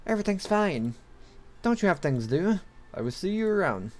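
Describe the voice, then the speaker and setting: A man's voice: high voice, very animated, moderate pace, darkish tone, voice pushed up. A man voicing a sullen teenage princess who answers curtly. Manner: curt, dismissive. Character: sullen teenage princess girl, withdrawn and curt.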